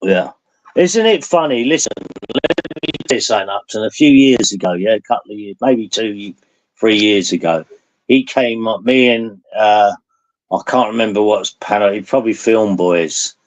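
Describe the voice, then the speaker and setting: A man's voice: on the low side, normal speed, rough recording. A man who hosts a live stream, chatting casually and telling rambling stories that he laughs through. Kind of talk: casual chat.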